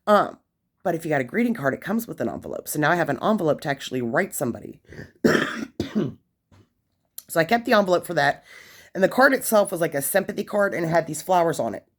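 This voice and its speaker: A woman's voice: deep voice, animated, fast talker, long pauses. A woman in her forties telling a story in a chatty, casual way, with lots of fillers and asides. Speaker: vlogger sharing prison experiences.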